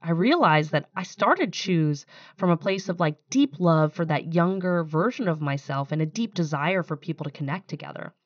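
Young woman founder, low voice, candid storytelling, kinda muffled dry recording. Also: animated, moderate pace, dry recording. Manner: candid, storytelling, emotional at times. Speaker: startup founder and CEO. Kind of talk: podcast interview.

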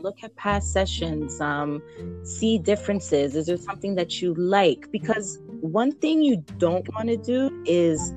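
A woman's voice: fairly low pitch, animated, unhurried, a little mellow, faint music behind. A woman newborn photographer chatting in an interview, laughing easily and acting out what people say. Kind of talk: casual interview chat.

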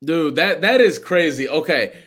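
A man co-hosting a podcast, reacting to his partner's story in an expressive, casual way. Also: on the high side, moderate pace. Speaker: podcast co-host.

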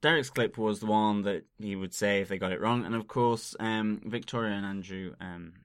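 A man's voice: lowish voice, fairly even intonation, moderate pace, clear, resonant tone, dry recording, clean studio sound. A man co-hosting a podcast, talking casually with lots of ums and easy laughs. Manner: chatty, full of ums, laughs easily. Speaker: podcast co-host. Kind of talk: casual podcast intro chat.

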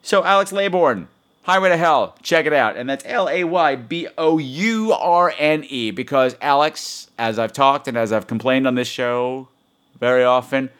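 A man's voice: mid-range voice, lively intonation, moderate pace, a bit bright. A man hosting a podcast in a frenetic, rambling and self-mocking solo monologue. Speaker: podcast host.

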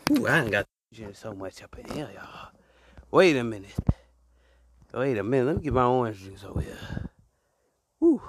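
A man's voice: mid-range voice, sing-song, moderate pace, long pauses, a little hiss or hum. A man delivering a comedic mock sermon on a clip-on mic, with a preacher's rhythm and call-and-response to the listeners, laughing often. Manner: laughs often between lines.

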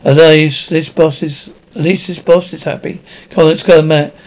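An actor playing a brisk, terse police detective, speaking in clipped, dry questions in a TV crime drama. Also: male voice, fairly high pitch, flat delivery, a little mellow, close to an everyday voice, low-quality recording.

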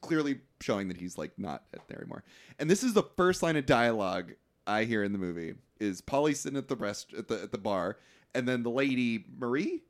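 A man tells a movie's story to his co-host, his pitch swinging widely as he acts out the characters. He swears casually. The talk is loose and conversational. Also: lively intonation, fairly quick. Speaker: podcast co-host. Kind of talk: casual movie recap chat.

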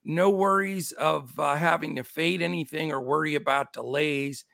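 Greeting his chat and shouting out names, a middle-aged man hosts an upbeat, casual sports betting show. His voice is on the high side, gravelly and scratchy, at a moderate pace, with clean studio sound and no room sound.

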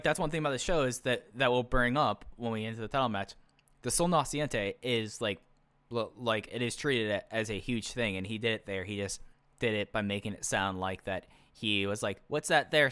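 A man's voice: on the low side, a little fast, pushed and bright, clean tone, dry recording. A man co-hosting a podcast, chatting casually and with strong opinions, often restarting his sentences. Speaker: podcast co-host. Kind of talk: casual chat reviewing a wrestling show.

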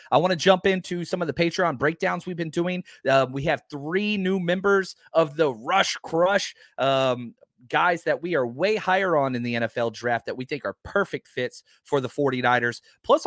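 A man hosting a casual live podcast, talking in a rambling, excitable way with lots of fillers. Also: fairly high pitch, dry recording, studio quality. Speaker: podcast host.

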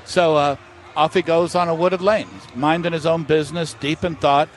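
Animated storytelling man outdoors. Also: on the high side, moderate pace. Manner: animated storyteller, acts out voices. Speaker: master distiller, interview guest. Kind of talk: storytelling interview. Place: outdoors at a festival.

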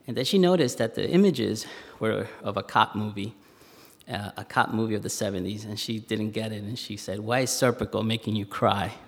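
New guy in his 40s telling a story on stage, gravelly voice, long hall reverb. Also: fairly low pitch. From Spanish Harlem, New York. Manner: conversational, with pauses and fillers. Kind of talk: live personal storytelling. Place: stage in a museum hall, live audience.

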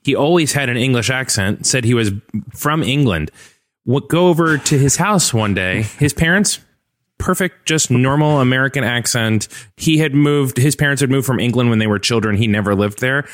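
A man's voice: medium pitch, moderate pace, slight background noise. A man from Central Florida co-hosting a podcast, telling stories with laughter in his voice. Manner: laughing, animated storyteller. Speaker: podcast co-host. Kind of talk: casual storytelling.

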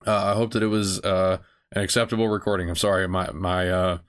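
A man's voice: deep voice, level tone, a little fast, fairly bright tone. A man hosting a solo podcast, talking casually and earnestly, rambling with many fillers and restarts. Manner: casual, earnest self-talk. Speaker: podcast host.

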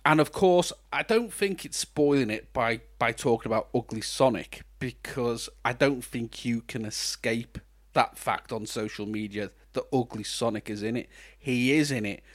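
A man's voice: mid-range voice, moderate pace. A man co-hosting a podcast, chatting enthusiastically about films and TV, often restarting sentences. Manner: enthusiastic, rambling with restarts and laughs. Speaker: podcast co-host. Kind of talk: casual chat.

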